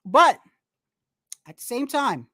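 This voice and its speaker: A blunt woman rants on a live boxing stream. She swears freely and restarts her sentences. The voice sits fairly high, with a dry, close sound. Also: sing-song, takes it slowly, sharp tone, dry recording. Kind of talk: live stream commentary, casual rant.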